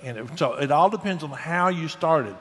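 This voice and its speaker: A man's voice: a little high, moderate pace. Folksy older man giving advice. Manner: earnest, folksy, animated storytelling. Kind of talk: conversational advice. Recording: long reverb.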